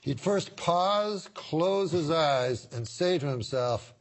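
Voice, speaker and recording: A man's voice: a little high, lively intonation, takes it slowly. A male talk show host bantering casually with guests, laughing often and teasing.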